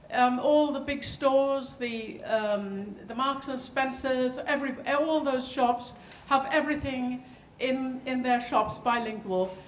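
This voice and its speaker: A woman with a high, light voice talks about her country in an easy, unscripted way, often starting a phrase twice before she finds it. She is recorded in a roomy, echoing hall with a faint hum of ambience behind her. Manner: conversational, with frequent restarts. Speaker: poet. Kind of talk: talk at a reading event.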